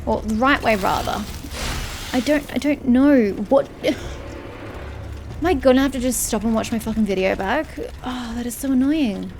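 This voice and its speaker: A woman's voice: on the high side, measured pace, darkish tone, slight background noise. A young woman giving casual let's-play commentary, frustrated and swearing as she mutters to herself. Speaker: gaming streamer.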